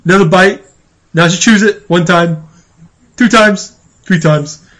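A man's voice: high voice, unhurried, fairly bright tone. A man co-hosting a casual podcast, joking around and breaking into mock singing. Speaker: podcast co-host. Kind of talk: casual banter with joke singing.

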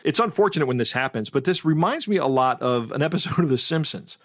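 A man's voice: a little high, animated, fast, no room sound, studio quality. A man co-hosting a podcast, casually telling a scam story and acting out the quoted voices. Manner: storytelling, acts out quoted voices, laughs easily. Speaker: podcast co-host. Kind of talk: casual chat.

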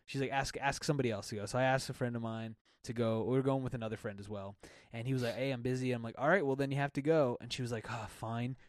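Laughing, animated young man on a podcast. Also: mid-range voice, rapid-fire, no echo, clean studio sound. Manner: animated storyteller, laughs often, acts out quotes. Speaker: podcast co-host. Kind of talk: casual chat. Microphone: close podcast mic with windscreen.

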